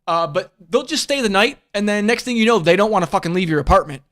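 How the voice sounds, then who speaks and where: A man's voice: sits high, lively intonation, fast, fairly bright tone. A man hosting a casual livestream chat, talking bluntly and profanely and rambling through restarts and fillers. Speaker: livestream host.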